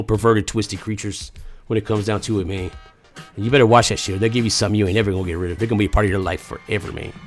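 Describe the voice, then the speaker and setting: A man's voice: on the low side, fairly bright tone. A man from the United States telling a crude comedic story, profane and rambling with lots of slang.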